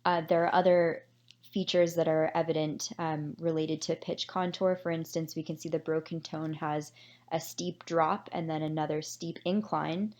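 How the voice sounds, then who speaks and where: A woman with a fairly low voice walks through research findings in a scripted academic presentation. She explains things in a measured way and now and then drops in a filler. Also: flat delivery, darkish tone. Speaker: presenter summarizing a research paper.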